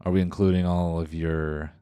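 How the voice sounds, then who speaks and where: Very deep-voiced man, dry and relaxed. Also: moderate pace, clear, resonant tone, dry recording. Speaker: podcast co-host. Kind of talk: casual comedic chat.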